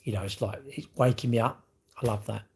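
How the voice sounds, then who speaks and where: Husky middle-aged man chatting live. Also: fairly low pitch, steady tone, a little fast, darkish tone. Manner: rambling, opinionated, answers chat comments. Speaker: livestream host. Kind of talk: casual live-stream chat.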